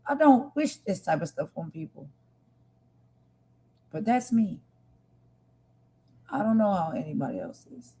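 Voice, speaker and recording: A woman's voice: medium pitch, sing-song, unhurried, pauses often, dark tone, husky, poor audio. Impassioned woman hosting a live stream. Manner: emphatic, repetitive, talks straight to viewers.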